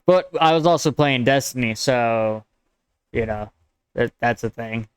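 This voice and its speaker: A man's voice: mid-range voice, a little slow, clear, resonant tone, dry recording. An American man streaming his writing, reading his draft aloud, correcting his wording as he goes, and chatting with viewers in a rambling way. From United States. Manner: rambling and conversational. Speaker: streamer and writer.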